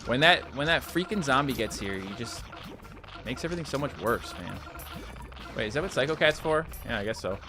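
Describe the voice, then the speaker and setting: A man's voice: medium pitch, lively intonation, a little fast, over music. A young man live-streaming a mobile game, chatting loosely and answering viewer comments as he plays. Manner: coaxing the game on, repeating short phrases.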